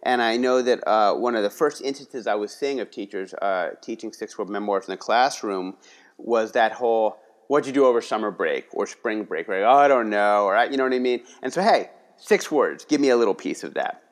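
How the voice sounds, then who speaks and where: A man's voice: fairly low pitch, brisk. A man from the Philadelphia area talking casually in an interview, rambling with many restarts and tags like "you know" and "right". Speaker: guest, writing workshop leader.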